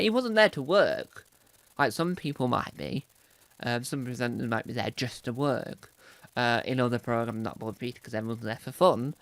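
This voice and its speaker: Vlogger, rambling casual commentary, mid pitch, restarts a lot, dry close mic. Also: no room sound. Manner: rambling with many restarts and sudden loud emphasis.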